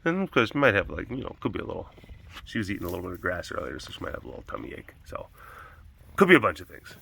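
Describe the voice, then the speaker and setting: A man hosting a casual vlog at a wild animal facility, talking in an animated way, laughing often and restarting his sentences. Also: low voice, fast talker, gravelly, slight background noise.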